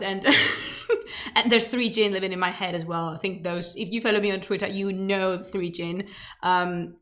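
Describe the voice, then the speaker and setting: A woman's voice: mid-range voice, sharp tone. A woman whose first language is Spanish, a streamer chatting playfully before starting a history lecture, with emphatic, wandering asides. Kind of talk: casual chat leading into a history lecture.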